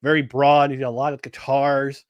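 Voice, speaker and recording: A man's voice: mid-range voice, little pitch movement, normal speed, dry recording, studio quality. A man co-hosting a casual podcast, rambling with many restarts and fillers. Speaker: podcast co-host.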